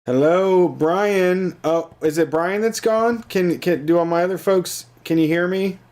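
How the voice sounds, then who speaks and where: Kinda high-voiced guy cohosting a talk show, goofy, keeps joking around. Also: unhurried, darkish tone. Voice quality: jokey, riffs into mock scenarios. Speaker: podcast co-host. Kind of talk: casual comedic chat.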